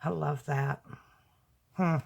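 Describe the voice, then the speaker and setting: Woman crafter, slow unhurried unboxing chat, slightly low voice, gushing. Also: fairly even intonation, gravelly. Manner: gushing, slow and soft-spoken. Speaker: crafting YouTuber opening happy mail.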